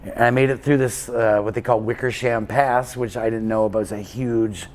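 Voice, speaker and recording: This is a man in a casual interview, recounting a long ride in a loose, anecdotal way. He drifts through the story, stopping for fillers and restarting his sentences as he goes. His voice sits at an ordinary pitch for a man. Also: fairly even intonation, moderate pace. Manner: rambling anecdotal telling with many fillers and restarts. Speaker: guest, endurance cyclist.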